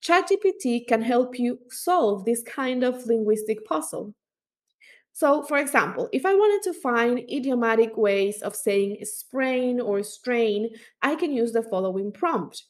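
A woman's voice: on the high side, expressive, a little slow. A woman teaching as an instructor, explaining step by step with fillers and small self-corrections. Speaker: language instructor.

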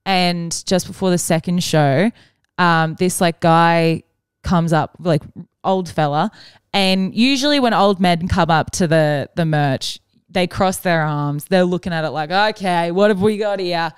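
Aussie woman podcast co-host, giggly storyteller, clear voice, dry sound. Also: lowish voice, unhurried, no echo. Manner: laughs often, acts out people in stories. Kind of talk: casual storytelling chat.

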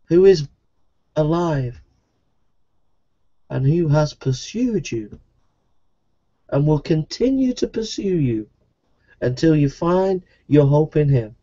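A man delivers an evangelistic sermon in a pleading, repetitive way, his voice now and then rising high. His tone is dark and mellow. The recording sounds dull and lo-fi. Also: lively intonation, slow, long pauses. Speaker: preacher.

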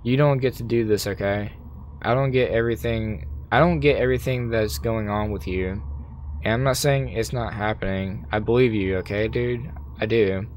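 A man's voice: fairly low pitch, normal speed, slight background noise, lightly acted. A man voicing a loyal young man fox in a video game, talking with earnest, insistent reassurance.

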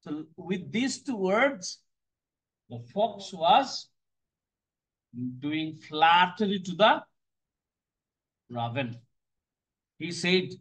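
A man's voice: high voice, animated, very slow, long pauses, fairly bright tone, breathy edge, poor audio. A man explaining a poem line by line as a teacher. He repeats key phrases and poses questions, then answers them himself. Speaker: English teacher.

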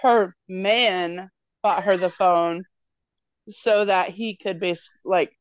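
Female podcast co-host, smooth clear voice, blunt jokey interjections, dry sound. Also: mid-range voice, steady tone, slow, dry recording. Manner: blunt, swearing, jokey asides. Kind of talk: casual chat.

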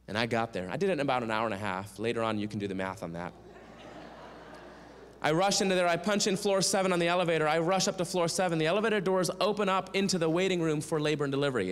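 A man with a fairly high voice tells a story from the pulpit, lively and animated as he acts out each person's lines. His voice rings with the long reverb of a church sanctuary. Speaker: guest speaker and singer. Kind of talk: storytelling sermon.

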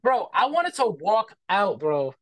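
A man's voice: sits high, very animated, a little slow, a bit bright, dry recording. A man being interviewed, bluntly retelling a bad experience in casual, profane talk full of quoted back-and-forth.

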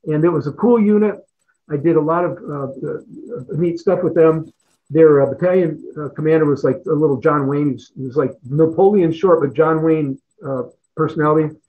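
A man's voice: on the high side, normal speed. A middle-aged man telling stories as an interview guest, rambling, repeating words and chuckling often. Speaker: guest, retired fighter pilot. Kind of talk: casual storytelling in an interview. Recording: tinny phone-like line.

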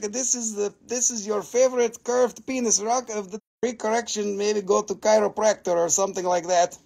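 A man's voice: high-pitched, vocal fry, a little mellow. A man hosting a live crystal sale, joking, swearing and haggling over prices in casual talk. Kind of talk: casual live sales stream.

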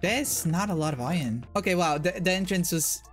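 A man talks through his building game in a playful, excitable way and thinks out loud as he goes. He keeps breaking into goofy beeps and little sound effects. Faint music plays softly behind him. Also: high-pitched, a little fast. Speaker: Minecraft video creator.

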